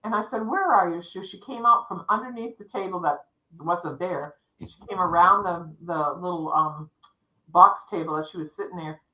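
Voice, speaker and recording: A chatty middle-aged woman tells stories on a livestream and acts out the voices of the people in them. Her voice is bright and forceful and sits a little low. The room around her is echoey. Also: normal speed. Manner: chatty, lively, acts out dialogue. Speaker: psychic co-host. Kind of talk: storytelling in casual chat. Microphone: livestream setup.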